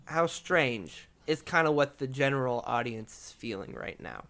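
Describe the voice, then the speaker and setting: A man's voice: mid-range voice, sing-song, moderate pace, vocal fry, fairly bright tone. Laid-back man narrating a tabletop game. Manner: casual, loose narration. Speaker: game master.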